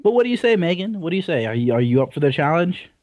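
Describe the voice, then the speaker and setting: A man's voice: on the high side, very animated, very fast, darkish tone, no echo, highs cut off. A young man co-hosting a casual gaming podcast, rambling and teasing in a laid-back way. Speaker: podcast co-host.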